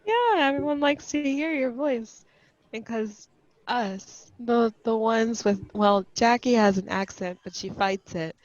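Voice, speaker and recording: A woman's voice: on the high side, a little slow, no echo. A woman from California co-hosting a podcast, steering the conversation and laughing in disbelief. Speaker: podcast co-host. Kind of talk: casual chat. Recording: dull dry lo-fi mic.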